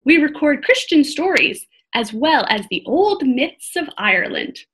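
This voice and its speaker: A woman's voice: high-pitched, sing-song, measured pace, a bit bright, pitched above the performer's own voice, heavily acted. A woman voicing a kind, welcoming monk in a read-aloud storybook. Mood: gentle. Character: kind, gentle elderly male monk.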